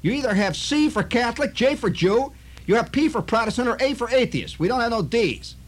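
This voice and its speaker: A man's voice: very high-pitched, animated, fairly quick, pitched above the performer's own voice. A man voicing a blunt, bossy army sergeant who talks in plain, ungrammatical bursts.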